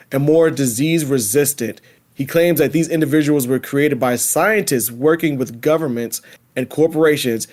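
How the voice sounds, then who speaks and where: Podcast host, man, loose and animated, slightly higher voice, casual chat. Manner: animated, laughing, reads predictions aloud then riffs.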